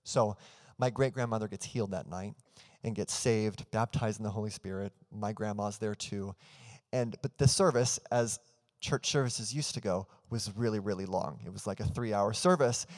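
A man's voice: lowish voice, normal speed, in a large hall. A man in his thirties preaching a sermon as pastor, telling a family story earnestly and leading into prayer. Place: church hall.

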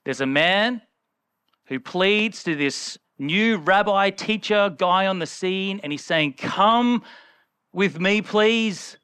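A man's voice: high voice, takes it slowly, pushed and bright, clean tone, no room sound. A man preaching a conversational sermon, acting out the people in the story as he retells it.

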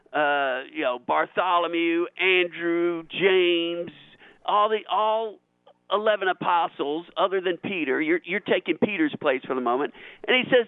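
Animated man on a tinny phone line. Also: no echo. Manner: animated, grows excited and high when making a point. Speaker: radio show guest, author. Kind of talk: call-in radio discussion.

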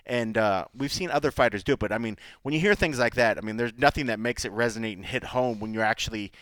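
A man's voice: mid-range voice, fast, no room sound. A man co-hosting a podcast, chatting casually and telling stories with acted-out quotes. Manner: animated storytelling, acts out quotes. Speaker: podcast co-host. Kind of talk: casual chat. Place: Las Vegas, Nevada.

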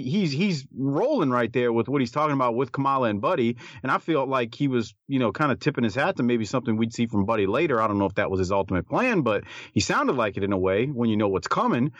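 A man chats excitably on a podcast about old wrestling, his pitch swinging widely as he repeats words. The recording sounds dry and a little dull. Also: no echo. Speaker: podcast co-host. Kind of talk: casual chat reviewing old wrestling.

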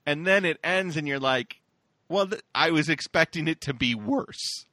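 Lively joking man on a podcast. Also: a little high, normal speed, dry recording. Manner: animated, jokey, acts out scenes. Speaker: podcast co-host. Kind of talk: casual chat.

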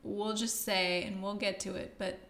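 A woman's voice: mid-range voice, flat delivery, normal speed, fairly bright tone. Chatty lady reviewing a movie, giggly, lots of trailing off, roomy echo. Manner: chatty, laughs often, trails off mid-sentence. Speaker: podcast co-host. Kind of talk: casual movie review chat.

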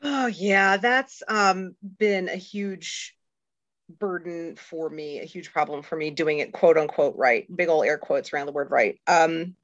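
Woman, middle-aged, earnest candid talk, lowish voice, dull lo-fi recording. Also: fairly bright tone, dry recording. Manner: earnest, candid, emotional, halting with fillers. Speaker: guest. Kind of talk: faith podcast conversation.

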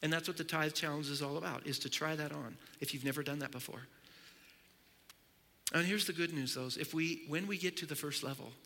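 High bright-voiced preacher guy, acts out little stories, big echoey church hall. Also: brisk, gravelly. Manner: animated storytelling with acted-out dialogue. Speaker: pastor. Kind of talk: sermon.

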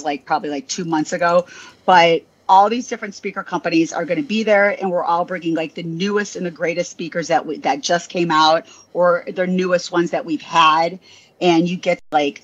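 A woman's voice: lowish voice, highs cut off. A woman talking as a guest in a casual interview, rambling with lots of fillers and poking fun at herself. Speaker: guest, DJ and audio industry worker.

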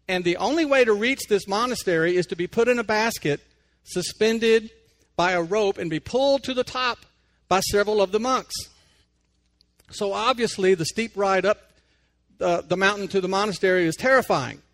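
A man with a notably high voice gives a folksy radio devotional. He tells a story, then talks plainly and personally, like a layman chatting with listeners. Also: moderate pace, fairly bright tone. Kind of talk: conversational devotional talk.

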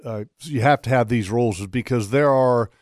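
A man's voice: medium pitch, moderate pace, a little mellow, no echo, clean studio sound. A man co-hosting a casual outdoors talk show, arguing his point with mock seriousness. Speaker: radio show co-host. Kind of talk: casual banter among friends.

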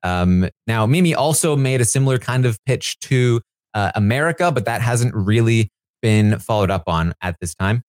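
A man's voice: mid-range voice, lively intonation, normal speed, no room sound. Rambling man recapping in a dry room. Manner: rambling, many fillers and restarts. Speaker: live feed recap host. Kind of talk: casual solo recap.

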